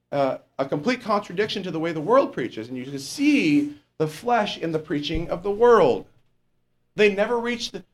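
Lively, higher-voiced male preacher. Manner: conversational, asks the congregation questions and corrects himself. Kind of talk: sermon.

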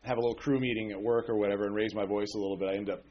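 A pastor with a weak voice, under the weather with a cold, preaching in a folksy, conversational way that keeps checking in with "okay?". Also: male voice, lowish voice, fairly even intonation, very fast, a little hiss or hum. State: sick with a cold. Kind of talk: conversational sermon. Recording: dull lo-fi recording.

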